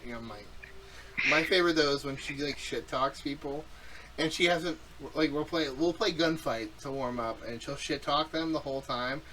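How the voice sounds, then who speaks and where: A young man co-hosts a casual podcast with a slightly raised voice. He is loud and animated, and swears freely. He teases his co-host throughout. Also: on the high side, moderate pace, distant mic, background noise. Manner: loud, profane, teasing, animated.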